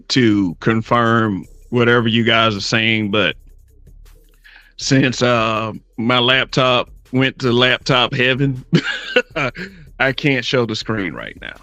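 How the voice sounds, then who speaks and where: A man hosting a livestream talk show, moderating in a laid-back, halting way with many fillers. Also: mid-range voice, pushed and bright, clean tone, no echo.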